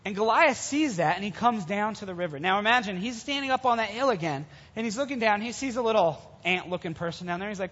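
Husky high-voiced male preacher. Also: fast, few pauses. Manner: casual, animated storytelling to young listeners. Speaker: youth preacher. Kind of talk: sermon retelling a Bible story. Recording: dull sound with long hall reverb.

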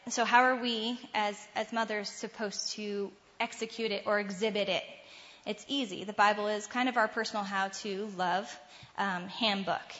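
An earnest woman speaks to fellow mothers in a devotional talk, her tone conversational and dotted with little laughs. Her voice sits at a medium pitch. It is captured with a slightly muffled sound and a long reverb, as if it is ringing through a large hall. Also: a bit bright.

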